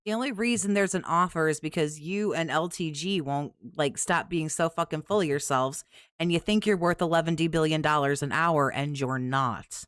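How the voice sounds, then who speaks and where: A woman's voice: low voice, moderate pace, a bit bright, smooth, no echo. A woman hosting a commentary channel, cutting into clips with profane, sarcastic, scornful remarks. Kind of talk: mocking clip commentary.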